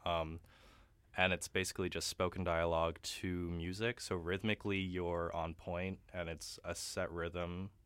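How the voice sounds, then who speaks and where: A man's voice: deep voice, flat delivery, unhurried, fairly bright tone, smooth, dry recording. A young man, a guest opera singer, chatting casually in a radio interview, laughing often and using many fillers.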